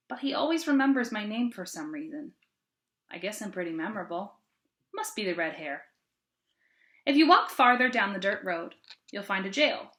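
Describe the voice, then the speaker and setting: A woman with a bright, clear, mid-range voice reads a novel aloud to a sixth-grade class. Her telling is expressive and casual.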